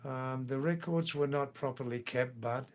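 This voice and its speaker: A man's voice: mid-range voice, moderate pace, a little mellow. An older man hosting a casual livestream, reading out viewer comments and answering them with playful, teasing asides. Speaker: livestream host.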